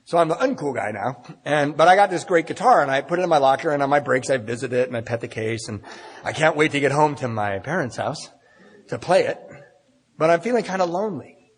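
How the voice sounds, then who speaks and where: In a meeting hall with a long, echoing tail, a middle-aged AA speaker shares his recovery story. His husky voice sits on the high side and stays expressive at a fairly quick clip as he pokes fun at himself and performs the conversations he recounts.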